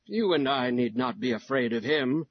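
A man voicing a composed male stranger who speaks in a calm, reassuring way. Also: medium pitch, normal speed, breathy edge, no room sound. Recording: dull lo-fi recording.

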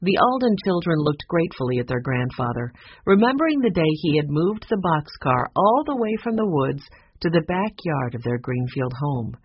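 A narrator reading a children's story aloud in an expressive, animated way, in a dull lo-fi recording. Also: medium pitch, normal speed, husky. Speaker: audiobook narrator.

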